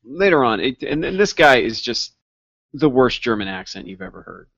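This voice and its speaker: A man's voice: medium pitch, sing-song, moderate pace, a bit bright, no room sound, lo-fi sound. Exasperated man joking about a film. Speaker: podcast co-host. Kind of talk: casual movie review chat.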